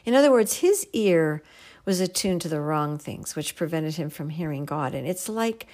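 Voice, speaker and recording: Gentle, earnest woman teaching scripture. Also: deep voice, animated, normal speed. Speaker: Bible teacher. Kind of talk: devotional Bible teaching.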